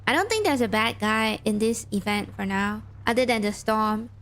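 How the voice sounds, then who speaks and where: A woman's voice: on the high side, normal speed, fairly bright tone. A woman streaming a game, rambling and thinking aloud as she plays and reads the on-screen text. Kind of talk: casual gameplay commentary, reading game text aloud.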